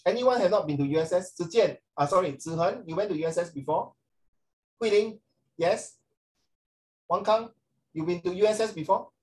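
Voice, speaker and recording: A man's voice: sits high, normal speed, pauses often, low-quality recording. A middle-aged Singaporean man giving a chatty classroom lecture as a social studies teacher, with frequent rhetorical tag questions.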